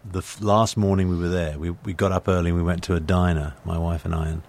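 Older British actor as interview guest; low and gravelly, rambling anecdotes full of restarts. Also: male voice, flat delivery, fast, a little mellow. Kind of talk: conversational interview storytelling.

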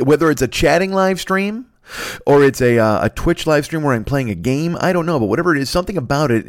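A man's voice: mid-range voice, no echo, clean studio sound. A man in his forties from the United States hosting a comedic solo podcast, rambling and swearing with self-mocking humor. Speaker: podcast host.

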